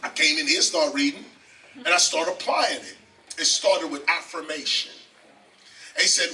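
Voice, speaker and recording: With a fairly high, sharp-toned voice, an older man speaks at a moderate pace with frequent pauses as he recounts his life in an interview. He is a rapper and teacher from the South Bronx, New York, telling animated stories emphatically, repeating phrases and often asking "okay?", recorded indoors in a library on a distant mic with faint background noise.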